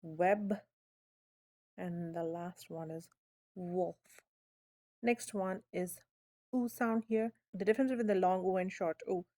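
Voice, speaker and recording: A woman's voice: on the low side, steady tone, dark tone. A woman teaching a phonics lesson, sounding out letters patiently and checking in with "okay?". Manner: drawn-out demonstration sounds, frequent "okay?" checks.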